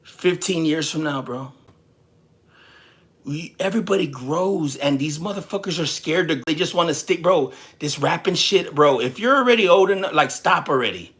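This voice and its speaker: Here's a young man from Texas on his own livestream, his voice on the high side and his pace moderate. He rants in a casual, profane, animated ramble, trading jokes and chatter with viewers.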